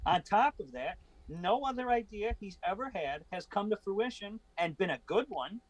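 A man's voice: high-pitched, animated, moderate pace, dry recording, rough recording. A man co-hosting a casual chat podcast, talking in an emphatic, scornful way. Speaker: podcast co-host.

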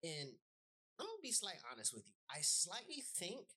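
A woman's voice: on the low side, huge pitch swings, moderate pace, bright, forceful tone, breathy edge. A woman hosting a podcast, ranting in a heated, blunt way with heavy swearing and emphatic repetition. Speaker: podcast host. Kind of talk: profane podcast rant.

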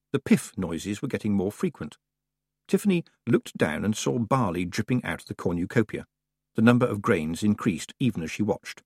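A man narrating an audiobook in an expressive, playful storytelling manner. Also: fairly low pitch, normal speed, slightly rough, dry recording, studio quality.

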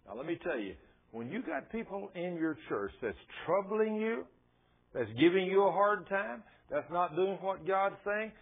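Older pastor, folksy and husky. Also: male voice, a little high. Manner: folksy storytelling with rhetorical questions. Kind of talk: sermon. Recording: tinny lo-fi radio broadcast.

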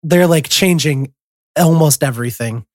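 A young man co-hosting a podcast, rambling through a casual story with lots of ums, throat-clearing and chuckles. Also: on the high side, normal speed, a little mellow, dry recording, clean studio sound. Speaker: podcast co-host.

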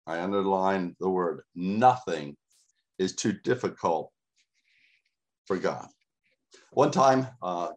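Man, pastor, sermon, emphatic, repeats for effect, lowish voice. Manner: emphatic preaching with dramatic pauses and repetition.

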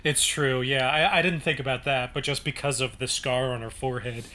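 A man's voice: medium pitch, fairly even intonation, brisk, bright, forceful tone. A man co-hosting a casual book podcast, reading passages aloud and breaking off to comment. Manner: reads narration then breaks off to comment, with chatty restarts.

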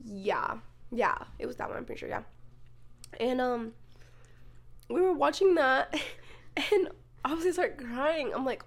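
High, lively young woman chatting. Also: a little fast, creaky, long pauses. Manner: swearing, storytelling with lots of "like". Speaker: podcast co-host. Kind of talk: casual chat.

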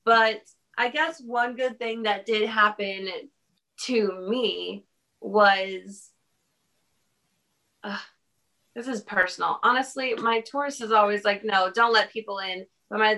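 A woman's voice: mid-range voice, takes it slowly, bright, forceful tone. A young woman co-hosting a casual podcast chat, telling a personal story in a rambling way and laughing often. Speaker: podcast co-host.

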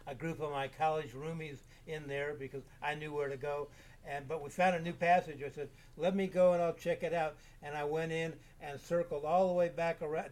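A man in his seventies, an interview guest, telling rambling caving anecdotes in a relaxed, casual way with frequent restarts. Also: a little high. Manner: rambling, self-repeating anecdotes. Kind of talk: casual storytelling.

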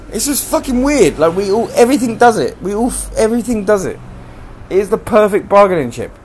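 A man's voice: sits high, very animated, a little fast, a little mellow, a little hiss or hum. A young man hosting a solo podcast from home, ranting in a profane, rambling, heated way. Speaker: podcast host. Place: room at home.

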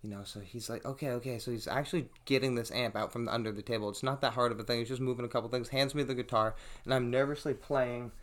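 A man's voice: mid-range voice, fast talker, hardly any pauses. A young man hosting a podcast, telling a story casually and profanely and acting out what people said. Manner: profane, animated storytelling, acts out quotes. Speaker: podcast host.

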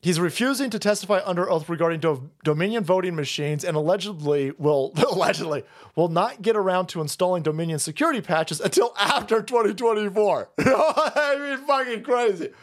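A man's voice: sits high, fairly quick, few pauses. A man hosting a livestream, ranting profanely and sarcastically, often laughing. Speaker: host. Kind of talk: livestream political rant.

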